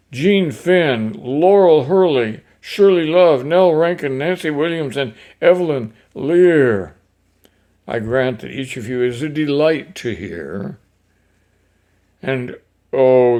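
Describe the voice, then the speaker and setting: Guy reading poems out loud, slow, kinda gravelly, ums and throat clearing. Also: mid-range voice. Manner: unhurried, with fillers and throat-clearing. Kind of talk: poetry reading with casual asides.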